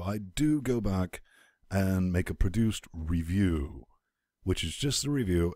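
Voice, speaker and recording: Low-voiced guy hosting a gaming podcast, crude jokes, lots of swing in his voice. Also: no echo, studio quality. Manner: brash, crude, animated joking. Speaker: podcast host. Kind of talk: casual banter podcast.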